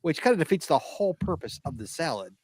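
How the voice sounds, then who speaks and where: A man hosts a podcast with animated, emphatic reactions and frequent laughs. His voice is fairly high and very expressive, recorded dry and close. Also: fast talker, no echo. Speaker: podcast host. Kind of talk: casual chat, reading listener comments.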